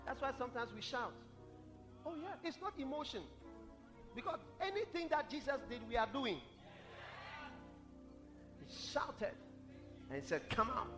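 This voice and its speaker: A man preaching with fervent, repetitive declarations that build to shouts. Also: very high-pitched, sing-song, moderate pace, long pauses, in a large hall, over music. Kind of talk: sermon.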